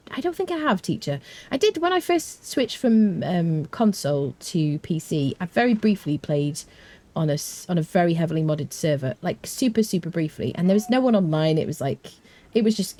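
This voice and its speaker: A woman's voice: sits low, dark tone. A British woman streaming a game live, chatting casually, rambling with fillers and answering her chat. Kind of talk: casual live gameplay commentary.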